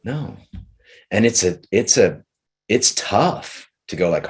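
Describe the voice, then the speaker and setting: A man leading a group session on relationships, talking earnestly and slowly, often restarting his sentences. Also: fairly low pitch, very animated, slightly rough. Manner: earnest, slow and searching, many restarts. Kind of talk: coaching talk with a participant.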